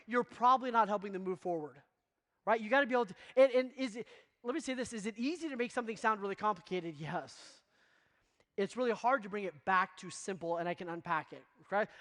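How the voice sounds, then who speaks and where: A man giving a motivational keynote to real estate agents, energetic and constantly checking in with the audience. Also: sits high, big-room sound. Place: conference stage before a live audience.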